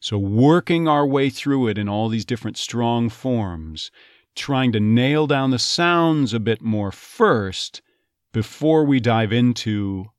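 A man coaching an accent, explaining vowel and consonant changes in a slow, deliberate way. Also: mid-range voice, animated, dry recording, studio quality. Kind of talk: dialect lesson.

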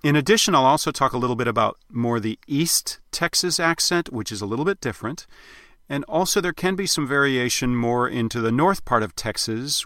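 A man giving a recorded accent lesson, explaining sounds in a clear, instructive way. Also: mid-range voice, bright, forceful tone, dry recording, clean studio sound. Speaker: accent coach.

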